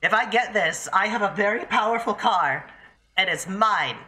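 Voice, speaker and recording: A young adult streamer rambling through a live gameplay session with a bright, forceful voice. They talk to themselves and their chat in a loose, casual way and swear freely. The pitch sits in a middle range. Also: moderate pace. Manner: chatty, profane, talks to self and chat.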